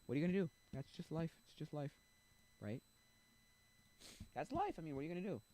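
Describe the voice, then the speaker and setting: A man's voice: a little high, big pitch swings, fairly quick, dark tone, rough recording. A man streaming and chatting casually, rambling and blunt, full of restarts and asides to his chat. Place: home streaming setup.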